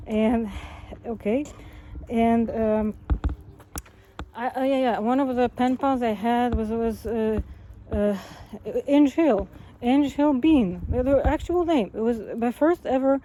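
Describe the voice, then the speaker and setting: A woman's voice: on the high side, dark tone, a little hiss or hum, poor audio. A woman talking alone to the camera in a wandering monologue, jumping between topics, correcting herself mid-sentence, with many fillers and small laughs. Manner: rambling, jumps between topics, self-correcting. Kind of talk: rambling monologue.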